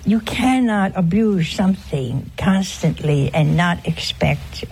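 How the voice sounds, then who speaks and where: A woman in an informal religious broadcast, telling a story earnestly and with emphasis, sometimes dropping to a hushed voice. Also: fairly low pitch, expressive, slow, slight background noise. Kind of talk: informal spiritual talk with a story.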